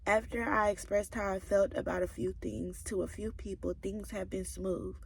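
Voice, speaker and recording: A woman's voice: medium pitch, steady tone, normal speed, vocal fry, breathy edge. A young woman, chatting in a casual, confiding way as she reads through her old journals. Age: 20s. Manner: emotional, confiding, many "like"s. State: tearful at times. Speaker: vlogger. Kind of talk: casual personal vlog, reading old journals.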